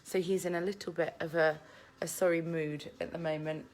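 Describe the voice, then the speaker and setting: A woman's voice: sits low, little pitch movement, fairly quick, darkish tone. Chatty woman on a phone live stream. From England. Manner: chatty, reads viewer comments aloud, laughs often. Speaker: vlogger hosting a live Q&A. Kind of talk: casual live-stream chat. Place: at home with family. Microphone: phone held in hand.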